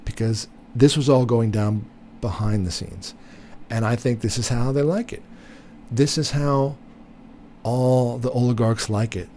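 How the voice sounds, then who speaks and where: A man's voice: mid-range voice, unhurried, warm tone, slight background noise. A man giving blunt, opinionated political commentary, repeating himself with many fillers and restarts. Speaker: commentary host.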